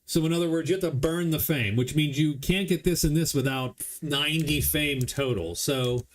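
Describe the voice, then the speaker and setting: A man's voice: on the high side, moderate pace. A man casually commenting as he plays a board game solo, explaining the rules as he goes. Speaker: board game player streaming a solo playthrough.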